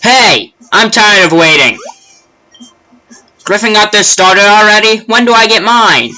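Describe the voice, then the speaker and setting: Man doing a loud bratty boy rival. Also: high voice, animated, unhurried, voice pushed up, heavily acted, rough recording. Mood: impatient. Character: brash impatient boy rival trainer. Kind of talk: reading game dialogue aloud.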